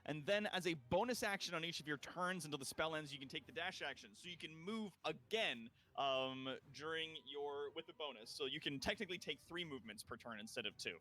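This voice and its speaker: A man's voice: on the high side, expressive, fairly quick, hardly any pauses, pushed and bright. A man running a tabletop game as game master, narrating in a loose, chatty way full of fillers.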